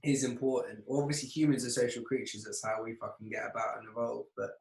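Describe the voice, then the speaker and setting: Telling stories as a podcast guest, a young man quotes his friends in lively voices and swears a lot in casual chat. His medium-pitched voice moves quickly with vocal fry. An echoey room and slight background noise are audible.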